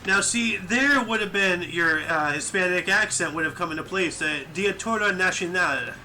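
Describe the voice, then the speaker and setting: A man's voice: high-pitched, moderate pace, bright, forceful tone, a little hiss or hum, rough recording. A young man co-hosting a casual chat, reading history facts aloud and laughing often. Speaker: podcast co-host.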